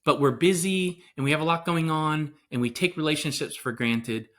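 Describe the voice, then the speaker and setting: A man's voice: on the high side, normal speed, a bit bright. Earnest man explaining parenting ideas. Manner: earnest and explanatory, acts out little quoted exchanges. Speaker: parenting coach and psychotherapist guest. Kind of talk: conversational podcast interview.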